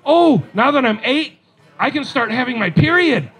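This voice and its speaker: A man's voice: very high-pitched, animated, normal speed, fairly bright tone, soft background music, pitched above the performer's own voice. A man voicing his eight-year-old son as a whiny, overdramatic boy in a stand-up story. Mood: innocent.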